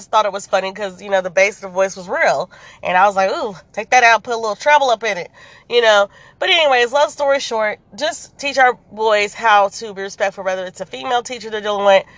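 A woman's voice: mid-range voice, no room sound. Chatty mother telling a story. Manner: chatty, animated, lots of "you know". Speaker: vlogger. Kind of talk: casual storytelling to camera.

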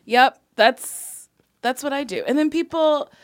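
Playful high-voiced woman comedian. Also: measured pace, dry recording. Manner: loud, playful, jokey. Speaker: comedian guest. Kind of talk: casual podcast chat.

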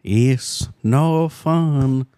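A man co-hosting a casual podcast chat, joking around with quick puns and wisecracks. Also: medium pitch, dark tone, no echo. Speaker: podcast co-host.

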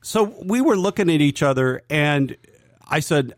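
Measured man, father co-hosting. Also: a little high, lively intonation, dry recording, studio quality. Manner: measured, agreeable, hesitant restarts. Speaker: podcast co-host, father of the other host. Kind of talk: casual sports podcast chat.

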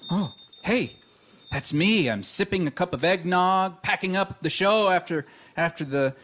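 A man's voice: high voice, expressive, measured pace, a bit bright. Blustery comic male host. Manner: blustery, grumpy then giddy, comic. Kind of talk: live radio comedy sketch and hosting. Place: stage before a live audience.

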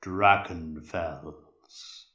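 Casting: man doing a solemn phantom monk, very low and very slow, echoing, storybook reading. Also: fairly even intonation, bright, forceful tone, full character voice. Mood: ominous. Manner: slow, grave warning. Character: deep-voiced male spectral monk, solemn and ominous.

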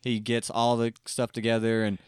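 A man's voice: mid-range voice, completely flat delivery, moderate pace, smooth, dry recording, studio quality. A man in casual chat, eagerly retelling a film scene by scene, often slipping into the characters' lines and laughing. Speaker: co-host recapping a film.

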